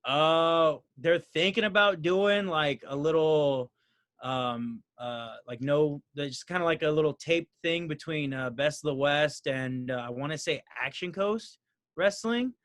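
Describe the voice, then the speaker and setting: A young adult man, a professional wrestler, chatting casually and telling relaxed anecdotes. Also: fairly high pitch, measured pace, no echo, clean studio sound. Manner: laid-back anecdotal storyteller, says "bro". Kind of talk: casual chat.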